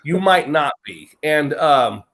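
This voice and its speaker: Rambling American man, slightly high voice. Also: animated, slow, fairly bright tone. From United States. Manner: rambling, joking, laughs often mid-sentence. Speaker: guest. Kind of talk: casual chat. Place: lives in Britain.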